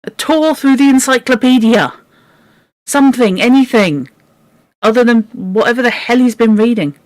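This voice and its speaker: Book club host, chatty and exasperated, mid pitch, dry close sound. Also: animated, normal speed, no room sound. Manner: exasperated, chatty, swears in asides. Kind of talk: casual chat and reading aloud.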